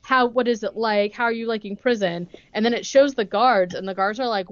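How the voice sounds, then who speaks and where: A woman's voice: on the high side, normal speed, few pauses, dry recording. Young woman rambling thru a movie recap on a podcast, like like like, dry slightly dull mic. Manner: rambling retelling full of "like" and acted-out quotes. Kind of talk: casual chat.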